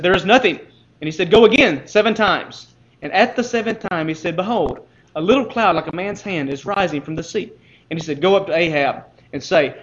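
High-voiced man reading scripture dramatically. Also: a bit bright, muffled recording. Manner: rises in pitch and volume for quoted lines. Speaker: preacher.

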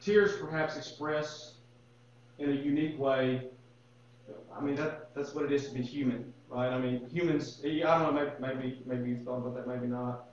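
A man's voice: mid-range voice, steady tone, moderate pace, roomy sound, muffled recording, slight background noise. A man teaching a Bible class in earnest, posing rhetorical questions and restarting his phrases.

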